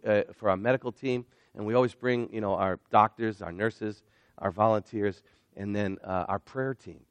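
A middle-aged man preaching an energetic sermon as a missionary, getting excited and building toward shouting. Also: mid-range voice, dry recording.

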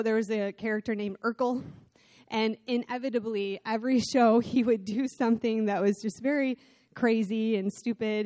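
A middle-aged woman preaching a sermon in church, telling a self-deprecating personal story with animated delivery. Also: medium pitch, no echo, clean studio sound. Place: church sanctuary.

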